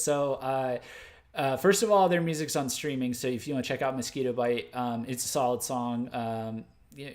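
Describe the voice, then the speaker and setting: Brief: man from the States, livestream host, mid-pitched, loose and rambling, corrects himself on the fly. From United States. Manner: rambling, full of fillers and self-corrections; laughs at his own mistakes. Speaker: host of a music news livestream. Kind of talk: unscripted livestream commentary.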